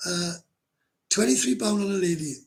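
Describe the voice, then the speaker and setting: A man's voice: high-pitched, expressive, normal speed, creaky. A middle-aged Welsh man hosting a casual livestream, chatting to viewers in a blunt, rambling way, swearing freely and laughing often. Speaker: livestream host. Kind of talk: casual livestream chat, reading comments.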